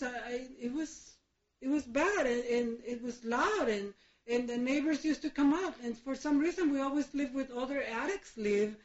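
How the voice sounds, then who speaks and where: A middle-aged woman from Mexico giving a halting personal testimony, full of fillers and restarts, laughing through painful memories. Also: high voice, darkish tone. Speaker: speaker sharing her recovery story. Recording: echoey room, dull lo-fi sound.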